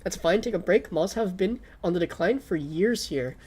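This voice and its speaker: A woman's voice: lowish voice, animated, moderate pace, a little mellow, breathy edge. A young woman streaming casually, rambling with a Valley Girl lilt and constant "like", her throat a little sore. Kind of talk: casual livestream chat.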